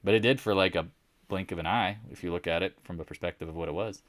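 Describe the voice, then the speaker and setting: A man hosting a casual live stock market recap, animated and sarcastic, often teasing imagined viewers. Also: deep voice, fast talker, no room sound, studio quality.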